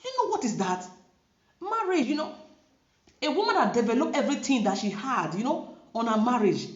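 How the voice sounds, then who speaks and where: A woman with a Nigerian Pidgin-inflected English accent talks to camera in an emphatic, preachy way, repeating herself to drive each point home. Her pitch rises and falls a great deal. The room around her is echoey and the sound is dull and lo-fi. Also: very animated, normal speed. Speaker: vlogger. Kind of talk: casual commentary to camera.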